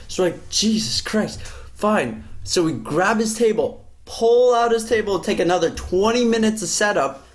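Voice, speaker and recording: A man with a high-pitched voice speaks at a moderate pace as he hosts a podcast. In casual chat, he tells a workplace story with animated energy, swearing freely throughout.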